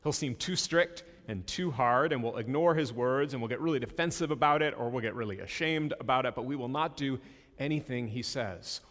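A man's voice: medium pitch, a little fast, fairly bright tone, in a large hall. A male pastor giving a sermon in a conversational way, with self-deprecating asides.

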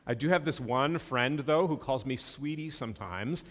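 A man's voice: mid-range voice, expressive, moderate pace, big-room sound. A male pastor giving a sermon in a conversational way, with self-deprecating asides.

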